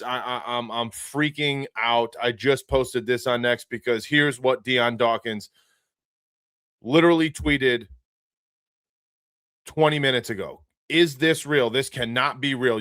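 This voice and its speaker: A man hosting a live sports stream, talking in an excited, frantic way and repeating himself. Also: mid-range voice, no echo. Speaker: sports podcast host. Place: home studio, seated.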